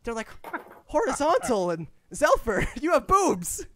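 A man's voice: very high voice, sing-song, unhurried, bright, forceful tone, slight background noise. A young man narrating a tabletop game as game master, chatty and laughing often.

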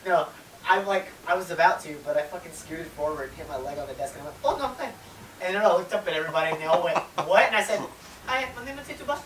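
A man's voice: on the high side, rapid-fire, a bit bright. A young man chatting while playing a video game, joking, laughing and often slipping into silly voices. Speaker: gaming commentator. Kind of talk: casual gaming chat. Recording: echoey distant mic with noise.

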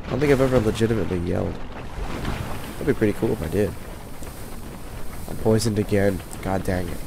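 With vocal fry and frequent pauses, a lowish-voiced let's play commentator talks at a moderate pace over background noise. He's sick, keeps his volume down, and exasperatedly trash-talks the enemies.

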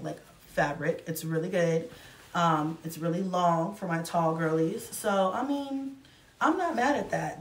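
Woman in her thirties, chatty, effusive, shopping haul vlog, roomy echo, a bit off-mic. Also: fairly low pitch. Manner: chatty and effusive, addressing viewers as y'all. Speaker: vlogger reviewing a shopping haul. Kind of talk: casual chat to camera. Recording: echoey room, mic at a distance.

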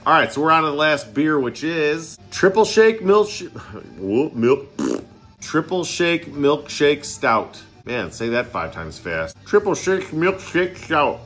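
A man's voice: fairly high pitch, sing-song, takes it slowly, a bit bright, faint music behind. A man casually reviewing beers in his living room, joking around and a bit tipsy with a slight slur. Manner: chatty, joking, getting tipsy and slurring. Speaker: beer vlogger. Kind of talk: casual beer tasting vlog.

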